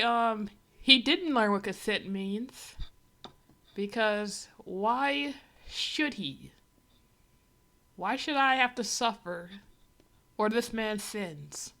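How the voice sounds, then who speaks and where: A woman's voice: medium pitch, a bit bright. A woman streamer giving a rambling, sarcastic, exasperated running commentary on a comic. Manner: rambling with many asides. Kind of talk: casual reaction commentary on a comic.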